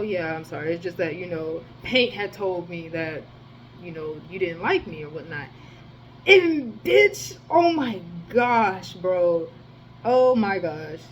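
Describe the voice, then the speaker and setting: A woman's voice: fairly low pitch, muffled recording, a little hiss or hum. A young woman telling a storytime vlog in a rambling, profane way, full of fillers. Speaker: storytime vlogger. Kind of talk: casual storytelling.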